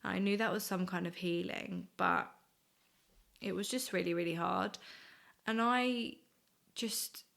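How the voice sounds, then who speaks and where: A woman, sharing a personal faith testimony in an earnest, reflective, halting way. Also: mid-range voice, fairly even intonation, gravelly, fairly bright tone. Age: 20s. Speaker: guest sharing her faith story.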